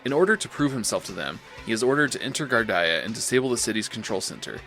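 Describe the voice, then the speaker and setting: A man's voice: mid-range voice, sing-song, fast, creaky, sharp tone, soft background music. Jokey male podcast co-host. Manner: jokey, laughs easily. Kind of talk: casual chat and episode recap.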